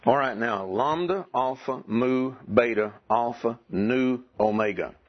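A husky-voiced man gives a classroom lecture, walking his students through grammar rules and repeating them patiently. He keeps his pitch in a middle register. The recording is dull and lo-fi. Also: a little slow. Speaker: Greek teacher.

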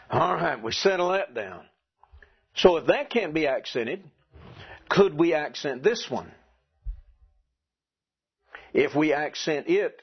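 A man's voice: mid-range voice, breathy edge, dull audio. A man teaching Greek grammar to a class, patiently repeating the rules and asking the students questions. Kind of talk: classroom lecture.

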